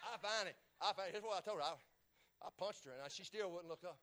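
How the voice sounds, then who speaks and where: Male preacher, middle-aged, very high voice, storytelling testimony with big swings from hushed to loud, repeats lines for effect. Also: fast talker. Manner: animated, swings from hushed to shouting, repeats phrases. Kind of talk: sermon storytelling.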